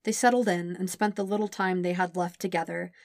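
Low-voiced woman reading a story gently. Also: fairly even intonation, a little fast, no room sound, studio quality. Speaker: podfic reader. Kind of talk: audiobook narration of fan fiction.

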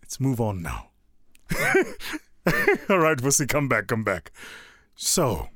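A man giving a motivational talk, with rhetorical questions and emphatic pauses. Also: mid-range voice, a bit bright, dry recording, studio quality. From South Africa. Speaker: speaker.

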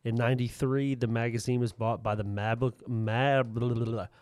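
A man co-hosting a podcast in casual chat, reading out trivia and tossing in quick agreements. His voice sits at a middle pitch and sounds close and dry, with no room around it. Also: fairly even intonation, darkish tone, no room sound. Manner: reads facts aloud, chimes in with short agreements. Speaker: podcast co-host.

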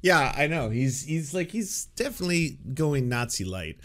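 A man's voice: a little high, sing-song, moderate pace, fairly bright tone. Sarcastic man hosting a reaction show. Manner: sarcastic, mocking, profane. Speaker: commentary show host. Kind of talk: reaction commentary on clips.

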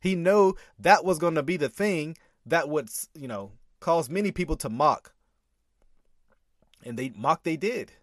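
Man, reaction commentary, lively rising and falling pitch, emphatic repeats, dry close sound. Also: a little slow, no echo. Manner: animated, laughing, rebutting with emphatic repeats. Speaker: commentator reacting to a sermon clip. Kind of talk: reaction commentary with scripture reading.

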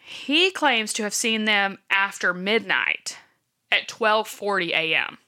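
A woman's voice: medium pitch, animated, slow pace, pushed and bright. A woman casually retelling a true-crime case from her notes, with many fillers like "um" and "like". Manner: chatty, filler-heavy, checks her notes. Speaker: podcast co-host.

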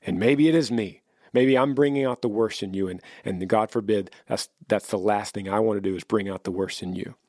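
A man's voice: lowish voice, a little fast, warm tone, no room sound, clean studio sound. A man hosting a podcast, giving heartfelt advice to a listener and often repeating and restarting his words. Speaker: podcast host answering listener questions. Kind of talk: earnest advice talk.

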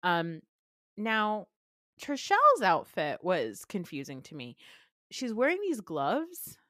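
A woman's voice: medium pitch, huge pitch swings, slow pace, pushed and bright, dry recording, studio quality. A woman co-hosting a podcast, chatting casually and animatedly, acting out quotes and laughing often. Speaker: podcast co-host. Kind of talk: casual recap chat.

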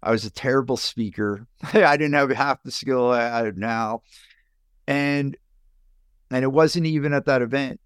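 A middle-aged business coach, appearing as a podcast guest, tells his personal story in a clear, resonant mid-range voice at a measured pace. He's an animated storyteller whose pitch leaps sharply upward when he acts out remembered conversations. The sound is dry and close, with no room echo.

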